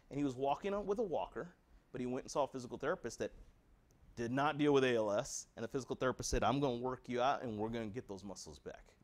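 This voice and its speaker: Man, American accent, medium pitch, earnest, direct, rhetorical questions, patient education talk.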